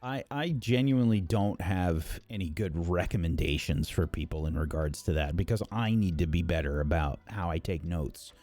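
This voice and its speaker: A man and game master chatting casually, reflective and animated, swearing now and then. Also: sits low, moderate pace, few pauses, faint music behind. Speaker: game master and show regular. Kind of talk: casual podcast chat.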